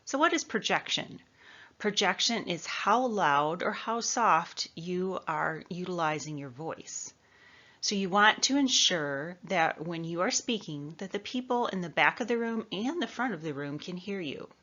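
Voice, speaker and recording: A woman from the American Midwest giving an instructional talk on presentation skills, with a clear, measured coaching delivery. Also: fairly low pitch, animated, pushed and bright, highs cut off.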